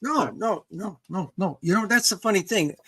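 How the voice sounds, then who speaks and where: An older woman author telling a story in casual conversation, animated, acting out dialogue with some restarts. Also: medium pitch, normal speed, slightly rough.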